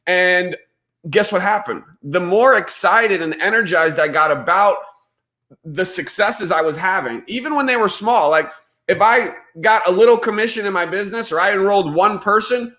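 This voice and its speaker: A man's voice: high-pitched, normal speed, bright, forceful tone. A man hosting a live stream, talking enthusiastically as a network marketing coach giving motivational advice.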